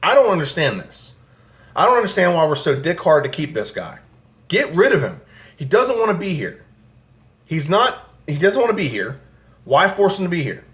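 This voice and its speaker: A young fan-channel host vents about his football team in a ranting sports vlog, sounding angry, profane and exasperated. His fairly high, slightly bright voice swings widely in pitch at a moderate pace, recorded in a home room with an air conditioner.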